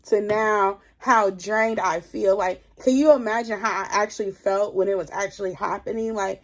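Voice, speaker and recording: A young woman telling a storytime tale in casual chat, drained and low on energy, leaning on 'like' as she talks. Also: steady tone, normal speed. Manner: chatty, leans heavily on 'like'. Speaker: vlogger.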